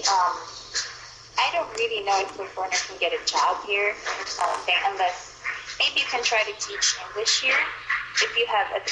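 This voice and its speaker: A woman's voice: mid-range voice, background noise. A young woman from Manila with a Filipino accent, chatting in a loose way with many fillers. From Philippines, Manila. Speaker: conversation partner. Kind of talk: casual chat. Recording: roomy echo.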